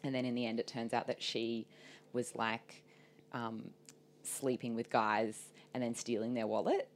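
A woman's voice: a bass voice, a little slow, a little hiss or hum. A woman co-hosting a podcast, telling a story in casual chat, laughing often and leaning on "like". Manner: animated storytelling, lots of "like" and laughter. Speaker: podcast co-host.

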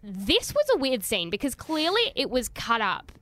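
A woman co-hosting a reality TV recap podcast, talking in animated, sarcastic bursts. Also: a little high, moderate pace. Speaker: podcast co-host. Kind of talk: casual chat.

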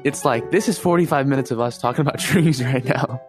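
A man's voice: mid-range voice, brisk, music in the background. A young man recalling a family moment in a casual, reflective way. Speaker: interviewee, the storyteller's brother. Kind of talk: personal storytelling interview.

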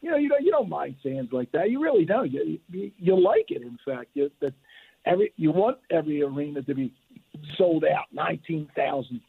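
Older male guest, retired ref, gravelly and husky, lively storyteller, phone-line sound. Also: fairly high pitch, brisk. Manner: animated, restarts and repeats words.

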